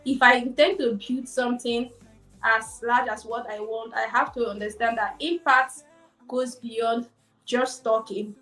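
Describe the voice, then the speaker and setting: A woman's voice: a little high, a bit bright. A woman streamer speaking as a podcast guest, earnest and reflective, recorded on a distant, echoey mic with faint music underneath. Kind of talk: live podcast conversation.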